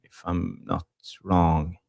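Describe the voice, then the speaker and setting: A man's voice: low-pitched, level tone, slow pace, gravelly, darkish tone. A man co-hosting a casual football fan chat, talking hesitantly with many fillers and repeated words. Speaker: fan channel co-host.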